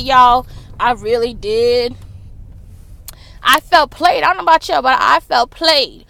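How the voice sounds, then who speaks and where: A woman vlogger, ranting loudly and profanely about celebrity gossip, filmed on a phone in a car in traffic. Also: high-pitched, moderate pace, gravelly. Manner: loud, profane, fired-up ranting. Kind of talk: casual ranting commentary.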